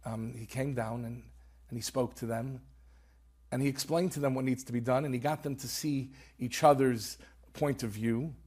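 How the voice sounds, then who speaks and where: Husky earnest rabbi telling a story. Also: male voice, mid-range voice, steady tone, normal speed, darkish tone. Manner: earnest, peppers speech with Hebrew terms. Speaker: author guest. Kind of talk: storytelling in conversation.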